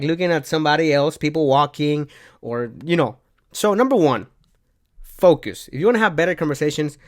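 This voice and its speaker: Animated man giving casual life advice. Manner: animated, repeats himself, shifts pitch and volume often. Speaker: self-help vlogger.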